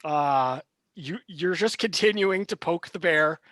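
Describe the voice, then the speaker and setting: A man running a tabletop role-playing game as game master, narrating briskly and cheering players on. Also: a little high, fairly bright tone, no echo. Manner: brisk, encouraging, laughs easily.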